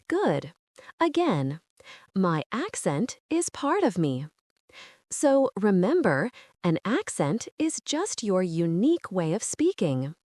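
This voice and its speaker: Woman, English teacher, slow, clear and encouraging, lively melody, dry close sound. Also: mid-range voice, dry recording. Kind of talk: scripted lesson narration.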